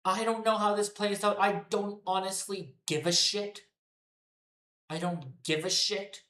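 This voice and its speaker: Man, swearing rant, repetitive, fairly high voice, echoey room. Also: fairly even intonation, unhurried, bright, forceful tone. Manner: profane, ranting, repetitive. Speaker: wrestling commentary streamer. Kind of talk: unscripted rant to a live chat. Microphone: headphones on.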